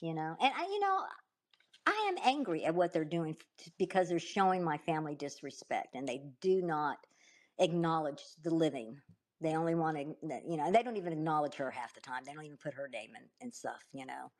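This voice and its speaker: A woman's voice: low-pitched, lively intonation, a little fast. A woman with a Southern US accent, a guest in an interview, telling events emphatically and often restarting her sentences. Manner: emphatic, restarts and repeats herself. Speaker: guest, author. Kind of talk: conversational interview storytelling.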